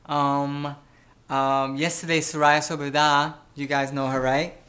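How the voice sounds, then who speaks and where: A man talking casually to the camera at home, hesitant and halting. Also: fairly high pitch, little pitch movement, sharp tone, echoey room, distant mic. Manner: hesitant, lots of ums and uhs. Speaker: helper on a cooking show.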